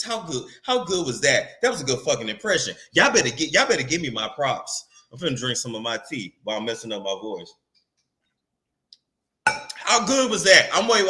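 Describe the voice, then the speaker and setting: Brash, very bright-voiced gossip host. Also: male voice, fairly high pitch. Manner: brash, profane, sarcastic; playful sing-song repetition. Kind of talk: casual rant to camera.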